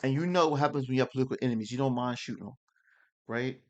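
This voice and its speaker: A man rants about politics to his audience at a medium pitch. He rambles, leans on slang, and keeps firing rhetorical questions in a heated tone. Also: rapid-fire. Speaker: online commentator. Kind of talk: political rant.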